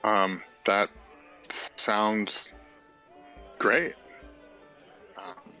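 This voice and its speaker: A man's voice: lowish voice, fairly even intonation, drawn-out words, sharp tone, soft background music, full character voice, rough recording. A man voicing a hopeful young human man for hire who talks hesitantly, full of fillers. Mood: eager.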